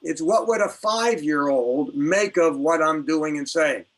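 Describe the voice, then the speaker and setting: A man's voice: fairly high pitch, measured pace, poor audio. An older man, a guest in an interview, talking about parenting in a reflective, emphatic way. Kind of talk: conversational interview.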